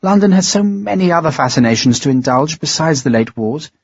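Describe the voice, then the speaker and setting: A man's voice: on the high side, lively intonation, slightly rough, dry recording, muffled recording. A male narrator voicing a poised woman who speaks politely but coolly. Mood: aloof. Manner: measured, polite, aloof. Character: woman, cool, poised and dismissive.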